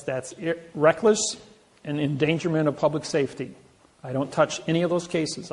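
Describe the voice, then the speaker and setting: A man talking casually and boastfully about his legal exploits, rambling with frequent restarts. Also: fairly high pitch. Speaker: self-styled legal advocate. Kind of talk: casual storytelling talk.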